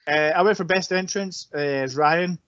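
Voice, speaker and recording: Scottish male co-host, relaxed, dry close sound, slightly lo-fi. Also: fairly high pitch, moderate pace, no room sound. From Scotland. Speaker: podcast co-host. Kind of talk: casual chat.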